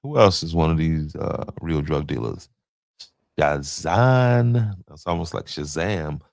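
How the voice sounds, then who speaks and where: A man's voice: very deep voice, normal speed, gravelly, dry recording. A man hosting a podcast, talking loosely in slang and stumbling over names as he runs through a list. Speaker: podcast host. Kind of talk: casual commentary.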